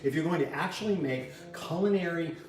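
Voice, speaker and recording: A man hosting a playful live cooking chat in a home kitchen, gruff and mock-irritable, cursing freely. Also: fairly high pitch, fairly quick, roomy sound, distant mic, faint music behind. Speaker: cooking show host.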